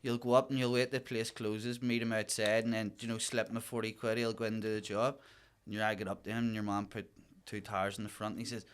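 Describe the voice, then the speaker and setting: Guy, smooth clear voice, easygoing chat. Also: lowish voice, level tone, fast talker. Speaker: podcast guest. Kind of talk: casual chat.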